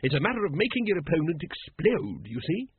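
A booming, hearty noblewoman in an audiobook, her husky voice pitched high and swinging widely, as a male narrator puts her on. The sound is dry and narrow, like a phone line. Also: sing-song, no echo, exaggerated voice. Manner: booming, brisk.

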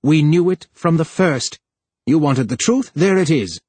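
A male narrator voicing a plump, scheming male official who sneers and then pleads in a higher voice. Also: expressive, unhurried, a little mellow, breathy edge, no room sound. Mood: scornful.

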